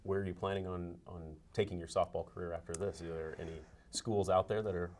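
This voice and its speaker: A man hosting a sports interview show, asking questions briskly and chiming in with quick okays. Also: deep voice, fairly even intonation, darkish tone, a little hiss or hum. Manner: brisk, eager back-channel replies.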